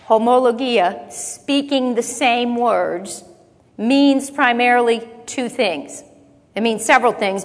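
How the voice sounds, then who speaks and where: Woman preacher with hall reverb. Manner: repeats phrases for emphasis, acts out muttering in a low voice. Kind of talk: sermon.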